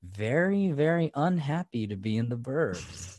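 A man's voice: mid-range voice, sing-song, unhurried, darkish tone, no echo, clean studio sound. Laid-back man co-hosting a podcast. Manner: laid-back, laughs often, swears casually. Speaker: podcast co-host. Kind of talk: casual chat.

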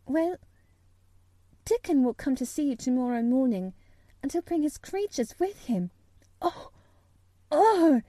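A woman's voice: high voice, big pitch swings, moderate pace, long pauses, dark tone, no room sound, voice pushed up. A woman doing a blunt, earnest little girl. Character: stubborn, frank young girl. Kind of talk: storybook character reading.

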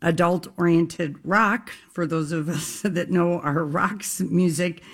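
A woman's voice: fairly low pitch, steady tone, takes it slowly. A woman from the co-hosting a radio talk show, rambling casually with plenty of ums. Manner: rambling, with many ums and uhs. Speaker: radio co-host.

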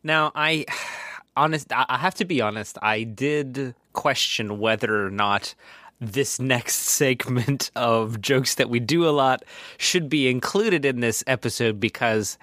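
A man's voice: medium pitch, unhurried, sharp tone, no echo, studio quality. A man co-hosting a casual movie podcast, laughing often and slipping into goofy impressions. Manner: playful, laughs often, drops into goofy character voices. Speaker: podcast co-host.

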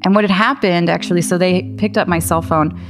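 A young woman with a notably low voice tells a personal story in a loose, conversational way. She fills her talk with ums and likes and laughs easily. Faint music plays softly behind her. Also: steady tone, a little fast. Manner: chatty, laughing, many fillers.

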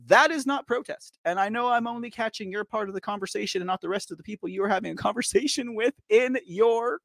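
Here the livestream host speaks high and fast with noticeable vocal fry, in clean studio sound without echo. Chatting directly with viewers about political news, he's animated, teasing and quick to laugh, keeping the commentary casual.

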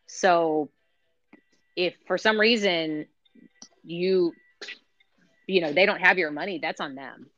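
A woman's voice: on the low side, slow, long pauses, fairly bright tone, muffled recording, soft background music. A woman on a podcast panel, chatting casually and explaining things as she thinks aloud.

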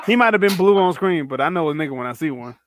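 A man co-hosting a casual podcast chat, relaxed and slangy, often listing things off. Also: on the high side, fast talker, noisy background. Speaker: podcast co-host.

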